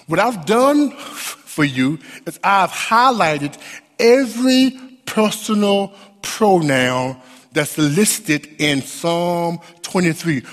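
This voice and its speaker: Male pastor, high voice, slow deliberate delivery, emphatic repetitions, long church reverb. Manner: emphatic preaching with many repetitions and sung rises. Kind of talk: sermon.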